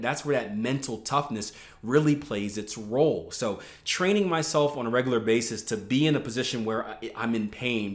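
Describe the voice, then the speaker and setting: A man's voice: medium pitch, reverberant. A man talking as a trading coach in a casual video blog, loose and chatty with many fillers and restarts, recorded outdoors in a garden.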